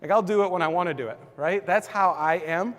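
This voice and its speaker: A man's voice: high voice, brisk, a bit bright, long reverb tail. A man leading a church team's training session in a casual, conversational teaching style, full of "like" and "kinda". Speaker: church team leader.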